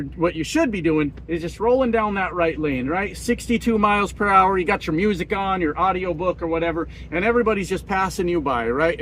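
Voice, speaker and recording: Telling rambling, foul-mouthed stories, this middle-aged trucker raises his voice to mimic the people he's quoting. He has a fairly high, fairly bright voice, and a faint hiss or hum sits under the casual monologue.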